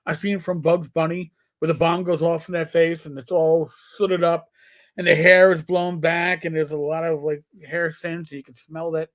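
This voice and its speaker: A man with a New York accent, in his fifties, spinning stories on a casual live stream. His voice sits slightly higher than most men's. He slips into quick voices for the people he quotes. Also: flat delivery, a bit bright. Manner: storytelling, acts out quoted players with shifting voice. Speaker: co-host.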